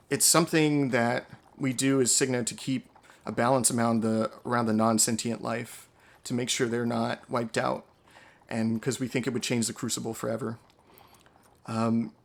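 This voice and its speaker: A man voicing a calm, devout female lioness who questions a stranger and earnestly asks for help. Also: mid-range voice, moderate pace, vocal fry, natural voice.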